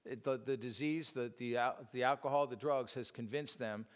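A man's voice: medium pitch, fairly even intonation, moderate pace. A middle-aged man giving an informal church teaching talk, rambling and self-deprecating, with many fillers and restarts. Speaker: speaker at a church teaching session. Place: church hall. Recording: long hall reverb.

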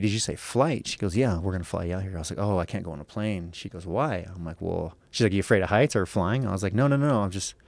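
An American man, a guest and professional fighter, telling a profane, animated story in casual chat and acting out the people in it. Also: low voice, no room sound. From United States.

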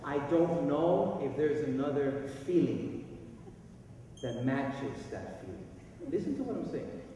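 Man preaching a sermon in a lively storytelling style, recorded from a distance in a big reverberant hall with faint room noise. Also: mid-range voice, unhurried. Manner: animated storyteller, swinging between hushed asides and loud bursts. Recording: echoey hall recording from far off.

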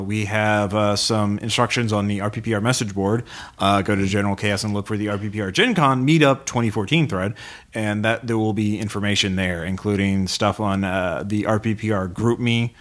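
A man hosting a tabletop gaming podcast, talking casually with frequent fillers and restarts. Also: fairly low pitch. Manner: relaxed, halting with many fillers. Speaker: podcast host. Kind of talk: casual chat.

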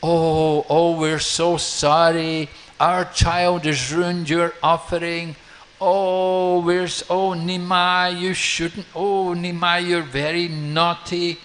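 A man's voice: a little high, flat delivery, takes it slowly, a bit bright. A man voicing anxious parents who apologize and plead with a guest, in a storytelling talk. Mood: apologetic.

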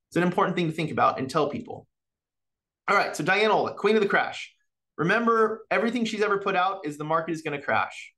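A man giving an animated mortgage market presentation to real estate agents, often tagging his points with "right?" and acting out client conversations. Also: high voice, fast. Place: office meeting or online session with chat.

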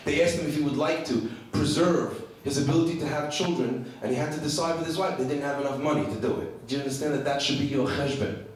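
A rabbi preaching to a women's group, emphatic and full of rhetorical questions and stories. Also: male voice, on the high side, fast. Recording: very echoey room, distant mic, faint noise.

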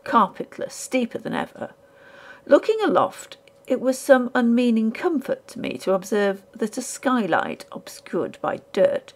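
Gravelly woman narrating a ghost story. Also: mid-range voice. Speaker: audiobook narrator.

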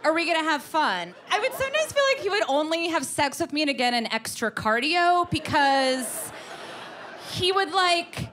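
A woman performing a stand-up comedy set, telling an animated story and slipping into voices for the people in it. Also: high voice, moderate pace, slight background noise. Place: comedy club stage with audience.

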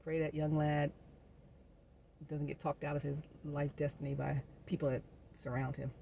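Middle-aged woman, gravelly voice, casual inspirational vlog, chatty with churchy asides. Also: low-pitched, flat delivery, mellow, a little hiss or hum. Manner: chatty, preacher-like asides, quick to laugh. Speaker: vlogger.

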